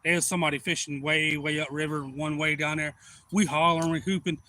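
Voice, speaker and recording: A man hosting a fishing livestream, telling a rambling, folksy story that turns loud and excited. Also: on the high side, a little fast, poor audio.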